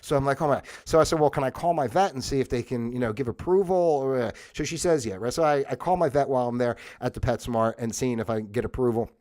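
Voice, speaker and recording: A man's voice: medium pitch, fast, hardly any pauses, a little mellow. A man hosting a livestream, talking in a rambling, conversational way and getting worked up and exasperated, with laughs between his points. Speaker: livestream host. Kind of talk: casual monologue. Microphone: livestream microphone.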